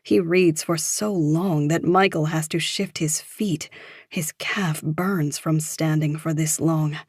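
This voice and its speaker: A woman with a very low voice reads a psychological thriller audiobook in a steady, measured way. The recording is dry and close, with no room sound. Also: slightly rough, dry recording. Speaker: audiobook narrator. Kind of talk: scripted thriller narration.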